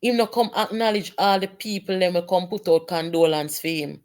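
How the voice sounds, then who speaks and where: A woman's voice: on the low side, steady tone, moderate pace, a little mellow. A woman with a Jamaican accent, delivering impassioned political commentary with indignant, emphatic rhetorical questions.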